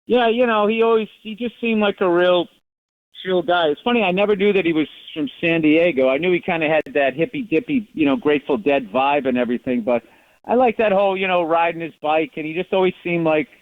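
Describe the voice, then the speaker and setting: This time the middle-aged Boston guest comic sounds high-voiced and talks a little fast on a tinny phone call to a radio show. Casual and interview-style, he's blunt and wry, rambling from one story to the next.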